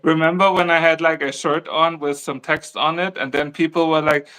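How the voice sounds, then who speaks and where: A man's voice: on the high side, fairly even intonation, moderate pace, bright, forceful tone, smooth, poor audio. A man co-hosting a crochet livestream in casual chat, laughing often between thoughtful asides.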